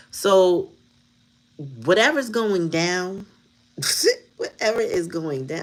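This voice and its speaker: Low-voiced blunt woman reading tarot. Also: lively intonation, very slow, pauses often. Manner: blunt, profane, laughs often. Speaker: tarot reader.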